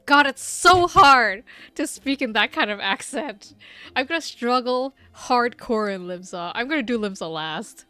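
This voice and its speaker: A woman's voice: a little high, animated, a little slow, bright, forceful tone, clear, resonant tone, no room sound. A young woman streaming a game, chatting casually with giggly, self-mocking asides. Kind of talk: casual gaming commentary.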